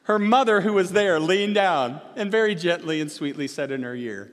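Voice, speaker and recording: A man preaching a sermon as pastor, rising to emphatic stressed words and dropping low and soft between them. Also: lively intonation, moderate pace. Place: church sanctuary. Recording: long reverb of a church hall.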